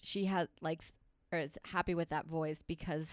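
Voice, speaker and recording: A woman's voice: deep voice, steady tone, dry recording, studio quality. Joking young woman comic. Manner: joking, quick asides, laughs a lot. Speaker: podcast co-host, comedian. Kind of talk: casual chat.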